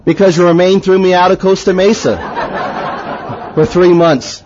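A man preaching a sermon and telling his own story in a lively way, swinging from excited to hushed. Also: high voice, a little slow, highs cut off, a crowd in the background, noisy background. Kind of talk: sermon with personal testimony.

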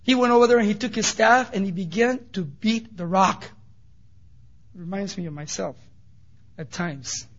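A man preaching a sermon in an animated storytelling way with casual asides. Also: high voice, moderate pace, long pauses. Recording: dull lo-fi recording.

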